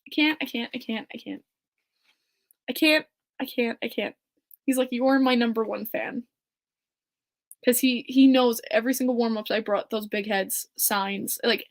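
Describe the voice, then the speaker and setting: Woman host, solo podcast, a touch high-pitched, giddy and gushing, laughs a lot. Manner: gushing, excitable, laughs often. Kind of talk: casual solo podcast chat.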